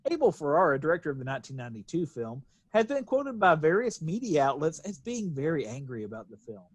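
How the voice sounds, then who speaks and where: A man's voice: on the high side, sing-song, fast, husky, no echo. A man co-hosting a podcast in casual chat, laughing often and reading quotes aloud. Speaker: podcast co-host.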